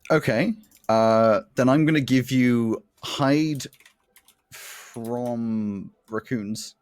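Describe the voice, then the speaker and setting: A man narrating as game master of a tabletop game, describing action in quick, laughing bursts. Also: mid-range voice, clean tone. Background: faint fight music.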